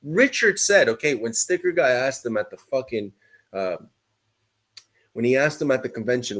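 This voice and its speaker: A man's voice: medium pitch, expressive, normal speed, a bit bright. Emphatic swearing man from Montreal. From Montreal, Canada. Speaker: crypto show co-host. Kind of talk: heated podcast argument.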